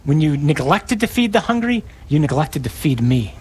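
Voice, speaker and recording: A man's voice: a little high, sing-song, normal speed, a little mellow, slightly rough. A man preaching a sermon, acting out scripture with dramatic shifts in tone.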